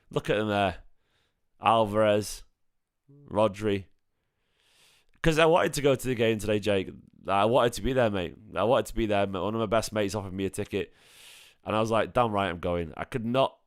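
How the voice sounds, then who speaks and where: A man hosting a live-stream fan chat, slightly hoarse from singing, excitable and emotional, repeating his phrases. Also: on the low side, dry recording, clean studio sound. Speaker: fan channel host.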